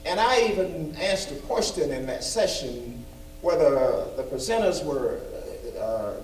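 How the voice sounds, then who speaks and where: A man's voice: a little high, animated, unhurried, a little hiss or hum. A man giving an emphatic, folksy report at a school board meeting, repeating phrases for stress. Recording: echoey room, far from mic.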